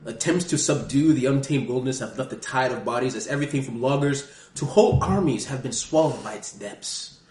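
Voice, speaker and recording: A man's voice: mid-range voice, fairly quick, darkish tone, natural voice. A man putting on a British accent to voice a haughty scholar reading a fantasy guidebook aloud. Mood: grandiose. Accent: put-on British. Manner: mock-grand, theatrical. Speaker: dungeon master. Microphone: single USB mic in the middle of the table. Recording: echoey room, one table mic.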